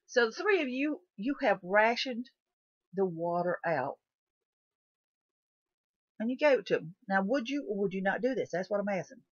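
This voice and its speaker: A woman's voice: mid-range voice, animated, moderate pace, no room sound. A woman talking through a what-if survival scenario in a folksy, repetitive way, putting questions to the viewer. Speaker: channel host. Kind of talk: casual what-if monologue. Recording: dull lo-fi dry recording.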